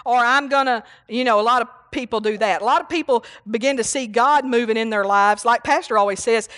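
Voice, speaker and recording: Woman preacher, fairly high voice, rambling folksy sermon with lots of hallelujahs. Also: fairly quick, fairly bright tone. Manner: rambling, folksy, laughs often, many hallelujahs. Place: church service.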